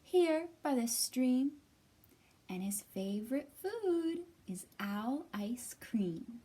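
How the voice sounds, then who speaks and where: A woman voicing a small, clever brown mouse in a picture-book reading, bright and confident. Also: sits high, big pitch swings, very slow, husky, pitched above the performer's own voice, heavily acted. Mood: boastful.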